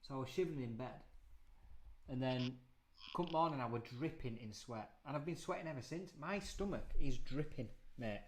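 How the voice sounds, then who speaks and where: Host, man, thirties, mid-pitched, jokey and rambling, often laughing, on a video call. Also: expressive, moderate pace, a little hiss or hum. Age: 30s. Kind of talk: casual chat on a video call.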